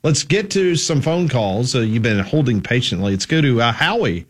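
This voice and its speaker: A man's voice: medium pitch, normal speed. A man hosting a radio talk show, reading promos and joking with his co-hosts. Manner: lively, joking banter. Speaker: radio host.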